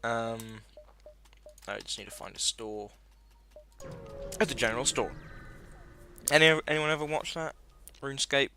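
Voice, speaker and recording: A man's voice: medium pitch, measured pace, long pauses, pushed and bright, soft background music. A man giving casual, sweary, rambling commentary while playing a video game, often stopping to correct himself. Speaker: gaming video host.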